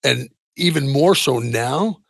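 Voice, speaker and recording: Gravelly middle-aged man, halting and candid. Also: medium pitch, animated, no echo. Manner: halting, many restarts and soft trailing asides. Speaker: interview guest, retired football player. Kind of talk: candid personal storytelling.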